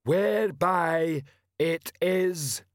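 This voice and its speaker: A man voicing a huge, slow-witted male troll sergeant who bellows and stumbles over long words, in an audiobook. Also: a little high, dry recording, studio quality, voice pushed up. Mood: laboured. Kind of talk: audiobook character voice.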